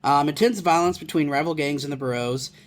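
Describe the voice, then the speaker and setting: A man co-hosting a podcast, talking casually about films in a measured way. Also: a little high. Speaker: podcast co-host. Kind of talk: casual film discussion.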